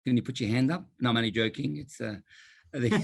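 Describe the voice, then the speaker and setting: A man's voice: mid-range voice, vocal fry, breathy edge, dry recording, clean studio sound. A man with a broad Australian accent giving a jokey, chatty presentation on an online panel over a video call.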